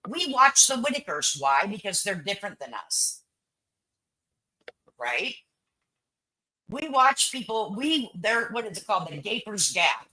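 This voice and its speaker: Blunt, bright-voiced woman. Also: medium pitch, very animated, a little slow, pauses often, rough recording. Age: older. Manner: blunt, opinionated, repeats herself, swears. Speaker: livestream host. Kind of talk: casual chat with viewers.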